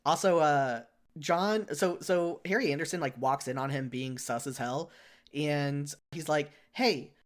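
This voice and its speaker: A podcast co-host chatting casually at a mid-range pitch. The delivery rambles, full of "like" and restarts, and keeps correcting itself mid-sentence. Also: measured pace. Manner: rambling, filler-heavy, frequent "like" and self-corrections. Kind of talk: casual chat.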